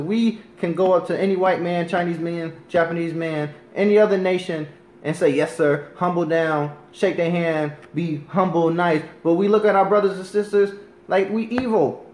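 A Bible teacher with a somewhat high, slightly mellow voice reads scripture with slow deliberation, his earnest, insistent words echoing around the room. Again and again he checks in with "you understand?"

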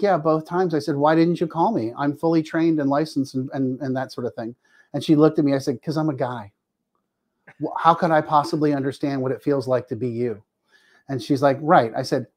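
Man telling candid personal stories, slightly high voice. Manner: animated, acts out quoted dialogue, frequent restarts. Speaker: family addiction coach and therapist. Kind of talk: candid storytelling in a podcast interview.

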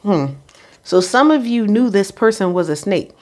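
A woman's voice: mid-range voice, animated, a little mellow. A woman giving an intuitive spiritual card reading, speaking unhurriedly and checking in with the listener. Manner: unhurried, frequent "all right?" check-ins; addresses the Holy Spirit aloud.

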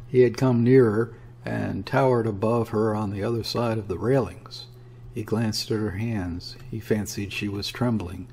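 Male narrator, low voice, husky, measured audiobook reading. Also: a little mellow. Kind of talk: scripted narration of a classic story.

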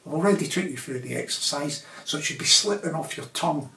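A man's voice: fairly high pitch, animated, brisk, fairly bright tone. Chatty man, roomy and distant. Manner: chatty, repeats tag questions, chuckles often. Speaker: vlogger. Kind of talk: rambling casual monologue to camera.

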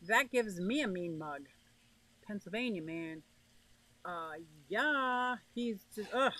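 A woman's voice: mid-range voice, expressive, slow, pushed and bright, low-quality recording. A woman hosting a casual livestream, chatting and greeting viewers by name as she reads their comments. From northeastern United States. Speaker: livestream host reading chat.

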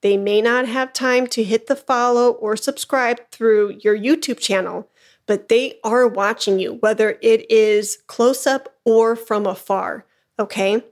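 A woman hosting her own podcast, coaching listeners in an encouraging, emphatic way and often checking in with "okay?". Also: fairly high pitch. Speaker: podcast host, flute business coach. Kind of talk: motivational solo podcast talk.

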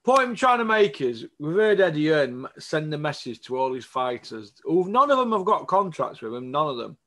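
Bloke going off about boxing, blunt, bit higher voice, keeps going "am i right". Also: male voice, moderate pace. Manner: blunt, animated, asks for agreement. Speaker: boxing vlogger. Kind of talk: casual opinion rant to camera.

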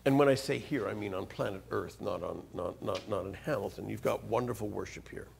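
A man giving a sermon in a church as a guest speaker, animated, with sudden rises in pitch and loudness, often repeating and restarting words. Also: fairly quick, vocal fry, a little hiss or hum.

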